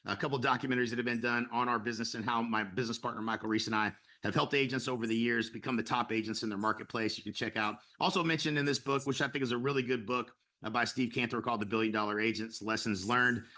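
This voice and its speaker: A middle-aged man giving a persuasive sales webinar to real estate agents, energetic and full of fillers and restarts. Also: mid-range voice, fast, few pauses.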